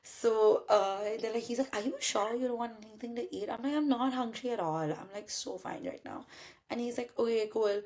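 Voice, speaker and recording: Animated young woman from India. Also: fairly high pitch, brisk. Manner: animated, acts out both sides of dialogue, swears casually. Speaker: podcast host telling a story. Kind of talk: casual storytelling chat.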